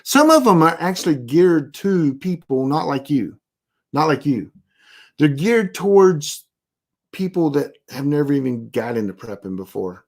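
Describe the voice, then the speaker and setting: Laid-back prep-class teacher who rambles and restarts but turns blunt and deadpan on key points. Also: mid-range voice, measured pace. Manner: rambling, self-interrupting, anecdotal. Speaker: preparedness class instructor. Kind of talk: casual live online class.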